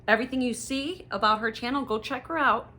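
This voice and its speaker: A middle-aged woman chatting casually to viewers in a haul video, rambling and gossipy with lively asides. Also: fairly high pitch, a little fast. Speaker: haul vlogger.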